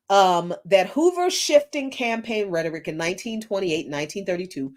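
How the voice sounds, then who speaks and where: A woman hosting an unscripted political commentary stream. She talks slowly, her pitch swinging widely as she presses her points. She often hunts for the right word, with restarts and fillers, then lands blunt, forceful statements. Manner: searching for words, many fillers and restarts, blunt and emphatic.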